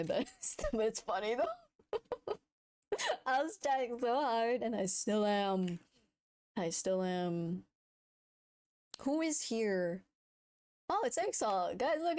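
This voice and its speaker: A woman's voice: fairly high pitch, darkish tone. A woman streamer chatting casually and giggling at her own old footage, self-mocking and full of exclamations. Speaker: VTuber streamer.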